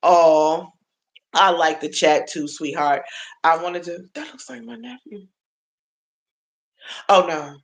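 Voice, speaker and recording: A woman in her forties chatting casually on a livestream, motherly and affectionate, laughing often and talking to viewers by name. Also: on the low side. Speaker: livestream host.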